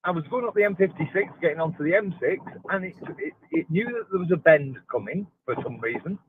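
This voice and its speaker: A man's voice: high-pitched, lively intonation, fast, narrow, tinny audio, a little hiss or hum. A man chatting casually as a guest on a livestream, telling stories and laughing along. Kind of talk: casual chat.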